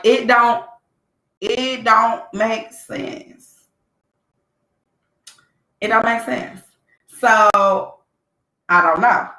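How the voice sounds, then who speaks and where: A woman's voice: on the low side, bright, forceful tone. A woman, hosting a podcast. She talks bluntly and with animation, repeating lines for emphasis. The room around her is echoey. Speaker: podcast host. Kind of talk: casual commentary.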